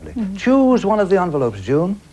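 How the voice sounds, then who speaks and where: A man's voice: high-pitched, sing-song, fairly quick, dark tone, muffled recording. A man hosting a studio game show with a jokey, teasing patter and a studio audience.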